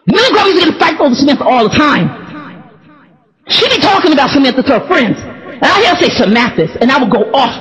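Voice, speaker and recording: A woman tells a personal story, laughing often and getting emotional as she goes. Her voice sits very high and swings widely in pitch. The sound is muffled and carries a long echo, as in a large hall. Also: quick pace. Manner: laughs often while talking, animated and emotional. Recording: dull echoey hall sound.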